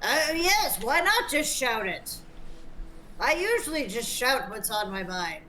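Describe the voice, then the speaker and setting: A woman's voice: a little high, very animated, measured pace, sharp tone, a little hiss or hum. A woman playing a tabletop role-playing game, chatting playfully with the group. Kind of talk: casual chat, playing a character.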